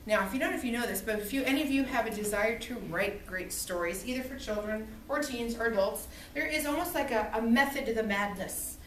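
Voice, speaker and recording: Woman, literature teacher, high pitch, classroom lecture, animated storytelling, echoey distant recording, faint room noise. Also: a little fast, few pauses. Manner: animated storytelling with acted-out quotes.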